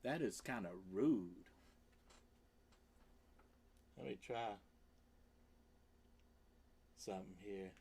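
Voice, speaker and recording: A man's voice: extremely slow, gravelly, long pauses, a little mellow, slight background noise. A man hosting a rambling casual livestream, swearing freely and laughing between lines. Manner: swings into high squeaky voice for quoted exclamations. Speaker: livestream host.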